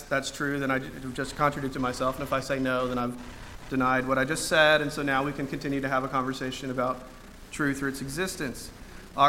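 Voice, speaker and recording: A man delivers a sermon in a bright, forceful voice that sits a little high. He talks conversationally, with plenty of ums and restarts, and drops dry jokes. Faint noise hums behind him. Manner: conversational with frequent fillers and restarts; dry humor. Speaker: preacher.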